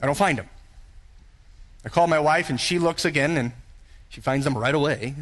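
High-pitched guy preaching a sermon, earnest and emphatic, keeps asking the crowd questions. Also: normal speed, background noise. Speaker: pastor.

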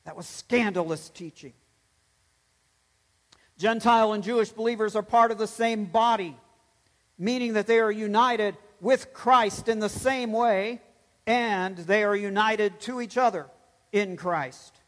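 A man's voice: sits high, measured pace, a bit bright, long reverb tail. A pastor preaching a sermon, emphatic, swelling and dropping his voice to stress points.

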